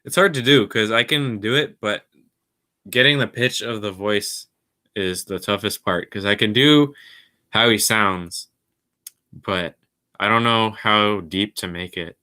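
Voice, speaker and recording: Deep-voiced guy rambling on his stream, low-key and mumbly. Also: a little slow, bright, forceful tone. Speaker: podcast host. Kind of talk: casual solo livestream chat.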